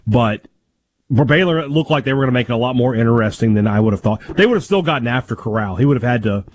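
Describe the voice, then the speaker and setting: A man on a sports talk radio show breaks down a football game with emphasis. His voice sits at a middle pitch. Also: lively intonation, quick pace, dry recording.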